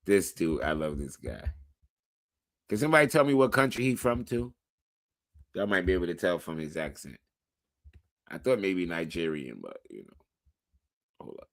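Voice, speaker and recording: A man's voice: low voice, very animated, normal speed, vocal fry, long pauses, no room sound, clean studio sound. A man hosting a reaction video, chatting casually and profanely to his viewers with laid-back asides.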